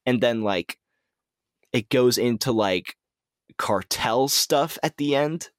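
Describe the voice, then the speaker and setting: A man's voice: mid-range voice, lively intonation, slow pace, dry recording, clean studio sound. A man co-hosting a podcast, relaying movie news in casual chat, hesitant with lots of ums and restarts. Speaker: podcast co-host.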